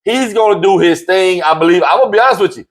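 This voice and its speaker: A man hosting a casual sports talk show, animated and jokey, repeating himself and jumping up high when excited. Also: quick pace.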